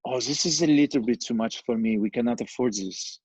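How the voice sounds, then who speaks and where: A man voicing a polite Haitian woman caller with a put-on Haitian French accent and halting, broken phrasing, heard on a dull, lo-fi recording. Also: medium pitch, darkish tone, slightly rough, no room sound, close to an everyday voice. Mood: polite pleading.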